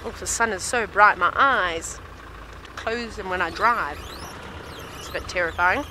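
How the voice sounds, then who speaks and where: Amid background noise, a woman safari guide speaks in a mid-range voice, a little slowly. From an open vehicle outdoors, she gives chatty, informative live commentary, thinking aloud and answering viewers' questions.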